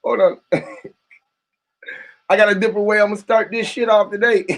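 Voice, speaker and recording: A man's voice: high-pitched, fairly even intonation, normal speed. A young man streaming live, rambling and joking crudely, often laughing between lines. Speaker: livestreamer. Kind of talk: casual livestream banter.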